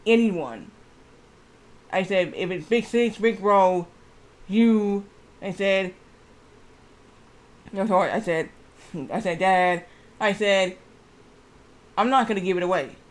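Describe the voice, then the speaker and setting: A man streaming a game who tells a long, rambling story and keeps repeating "I said" and "she said". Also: sits high.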